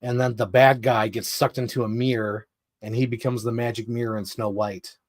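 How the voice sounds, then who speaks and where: A man's voice: mid-range voice, flat delivery, moderate pace, no echo. Guy rambling on his live stream, chatty fan talk, dry sound, mid voice. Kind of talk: casual chat.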